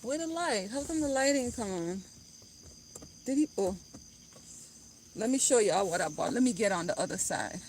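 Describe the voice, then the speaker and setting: A woman's voice: medium pitch, animated, normal speed, long pauses, a little mellow, a little hiss or hum. A woman chatting bluntly and jokingly to her viewers in a casual vlog, recorded on a phone outdoors beside a car. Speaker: vlogger.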